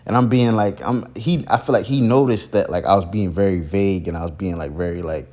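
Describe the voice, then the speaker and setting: A man's voice: low voice, a little fast, darkish tone. Rambling man full of fillers. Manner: rambling, heavy fillers, many restarts. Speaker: content creator recalling a mentor. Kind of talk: casual storytelling monologue.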